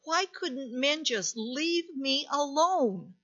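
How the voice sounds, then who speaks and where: A woman's voice: high voice, expressive, slow pace, a bit bright, muffled recording, pitched above the performer's own voice, full character voice. A woman voicing a little tree turned into a cross, pleading and whispering in a storybook tale. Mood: distressed. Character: little male tree made into a cross, sorrowful.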